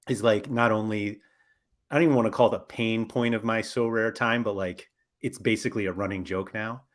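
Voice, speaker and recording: A man hosting a podcast in an easygoing, unscripted chat, his voice sitting at a middle pitch. He rambles and keeps correcting himself as he goes. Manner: rambling, self-correcting, frequent fillers. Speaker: podcast host.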